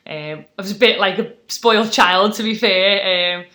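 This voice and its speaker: A woman's voice: medium pitch, moderate pace, sharp tone. A British woman in her twenties, a sportswoman telling her story in a casual podcast interview, chatty and full of fillers. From Britain. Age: 20s. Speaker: guest, taekwondo athlete.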